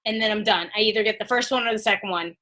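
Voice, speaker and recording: A woman's voice: medium pitch, racing, pushed and bright, rough recording. A woman on a team video call giving casual, chatty advice about making short videos, full of "like" and "you know.". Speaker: guest coach on team call.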